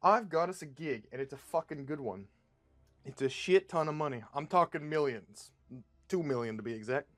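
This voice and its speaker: A brash, swaggering crew boss played by a man boasts and curses his way through every pitch, his voice sitting a touch high. It sounds like a comic script read aloud. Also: lively intonation, normal speed, faint music behind, lightly acted. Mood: persuasive. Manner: boastful, swearing.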